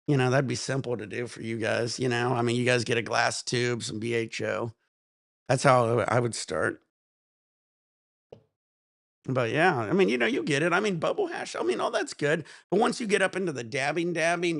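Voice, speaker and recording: A man's voice: medium pitch, creaky, dry recording, clean studio sound. A man, hosting a casual livestream, rambling and laughing often. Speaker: livestream host.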